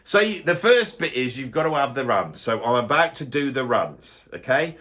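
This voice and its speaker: A man's voice: mid-range voice, sing-song, normal speed, fairly bright tone. A man playing a grumpy music snob. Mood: grumbling. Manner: grumbling, blustering, stumbling restarts. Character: grumpy middle-aged male music snob, bitter. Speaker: YouTuber doing a comic character. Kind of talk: comic rant.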